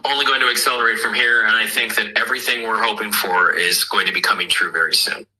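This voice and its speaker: A man's voice: lowish voice, steady tone, fast talker, pushed and bright, poor audio. An American man chatting as a guest on a live online talk, rambling and restarting often, heard as radio-like audio. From United States. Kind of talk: casual chat.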